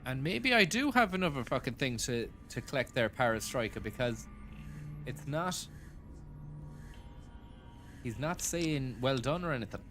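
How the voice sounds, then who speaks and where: A man's voice: mid-range voice, big pitch swings, measured pace, pauses often, bright, forceful tone, soft background music. A man hosting a casual gaming stream, joking, swearing and thanking viewers for tips. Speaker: streamer host.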